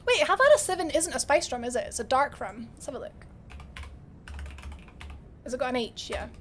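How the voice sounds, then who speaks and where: A woman's voice: sits high, very animated, normal speed, a little hiss or hum. A young Scottish woman streaming a game, chatting casually with her chat and laughing often. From Scotland.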